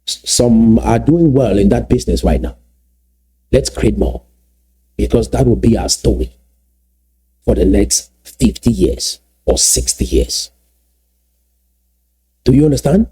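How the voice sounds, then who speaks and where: Emphatic man with a husky, dark voice. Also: mid-range voice, sing-song. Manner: emphatic, repeats key phrases slowly. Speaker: political commentator. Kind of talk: solo video commentary.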